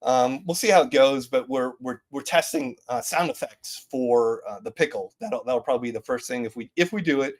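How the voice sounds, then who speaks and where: A man's voice: medium pitch, normal speed, few pauses. Rambling man presenting game updates. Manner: rambling, with many fillers and restarts. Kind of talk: casual community town hall talk.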